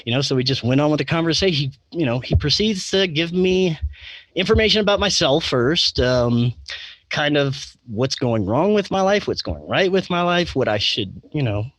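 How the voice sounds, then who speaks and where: A man's voice: fairly high pitch, expressive, moderate pace, a bit bright, no echo. Rambling man on a dry mic. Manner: rambling, full of fillers and restarts, with chuckles. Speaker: podcast guest. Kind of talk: casual interview storytelling.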